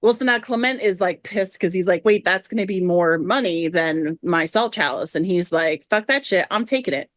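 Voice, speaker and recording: A woman's voice: lowish voice, moderate pace, few pauses, no echo, clean studio sound. A woman co-hosting a casual podcast, retelling game quests and quoting the characters' lines. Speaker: podcast co-host.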